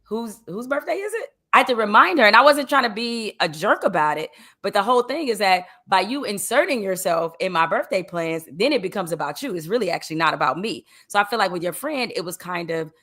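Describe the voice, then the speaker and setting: A woman's voice: medium pitch, animated, fast, few pauses, bright, forceful tone. A woman co-hosting a casual chat, giving her take in a reflective way with emphatic rhetorical questions. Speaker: co-host.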